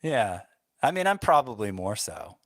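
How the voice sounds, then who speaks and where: A man's voice: on the low side, very animated, normal speed, fairly bright tone, dry recording, studio quality. A man co-hosting a sports podcast in casual chat, making wry, understated remarks. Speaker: fantasy baseball podcast co-host.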